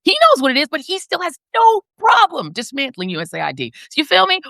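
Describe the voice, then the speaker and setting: Woman, 50s, panel commentator: emphatic and sarcastic, high-ish voice. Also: wildly swooping pitch, brisk, creaky, few pauses, pushed and bright, dry recording, studio quality. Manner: emphatic, sardonic, swings between high and low. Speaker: panel guest. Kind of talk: impassioned political commentary.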